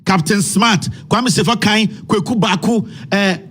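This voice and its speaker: Ghanaian male host, angry rant, rhetorical questions, raspy voice, high pitch. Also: measured pace, a bit bright. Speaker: commentary host. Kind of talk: impassioned social media commentary.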